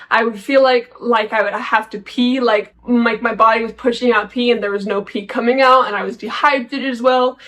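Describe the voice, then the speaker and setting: A woman's voice: on the high side, a bit bright, rough recording. Chatty young woman vlogger. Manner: chatty, frequent "like" fillers, candid and self-mocking. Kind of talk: casual storytelling.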